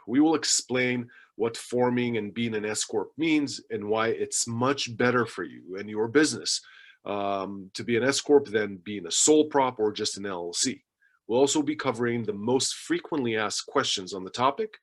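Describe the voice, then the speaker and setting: Man moderating a webinar. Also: mid-range voice. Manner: reads announcements with fillers and small restarts. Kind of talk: scripted webinar introduction.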